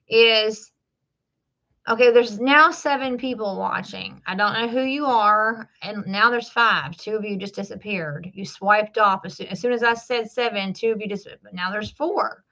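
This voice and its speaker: A woman's voice: medium pitch, pushed and bright, highs cut off. A woman in her forties from the American South, with a Southern drawl, chatting casually and rambling on a livestream. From Southern United States. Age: 40s. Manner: rambling, many fillers and restarts. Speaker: livestream host. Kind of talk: casual live-stream chat.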